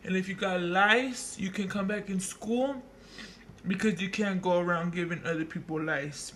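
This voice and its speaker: A woman voicing a stern female school principal, blunt and scolding, in a lowered voice. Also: normal speed, a bit bright, a little hiss or hum, lightly acted.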